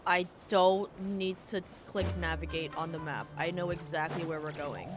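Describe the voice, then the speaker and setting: A woman's voice: fairly low pitch, little pitch movement, moderate pace. Rambling, swearing woman streamer. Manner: rambling, swears often, thinks aloud. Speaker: game streamer. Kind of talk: casual gameplay commentary. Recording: streamer mic with loud game music.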